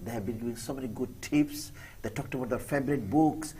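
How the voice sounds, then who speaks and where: Rapid-fire male TV host, distant mic. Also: medium pitch, mellow, slight background noise. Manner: rapid, mixes Bengali and English, affirming interjections. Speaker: TV education show host. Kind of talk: studio panel talk show hosting.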